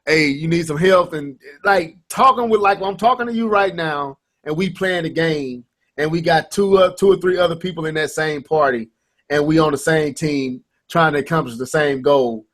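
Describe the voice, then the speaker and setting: Brief: man in his thirties, gaming podcast co-host, slightly high voice, animated and rambling. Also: normal speed. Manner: animated storytelling, many restarts and quoted banter. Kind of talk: casual gaming podcast chat.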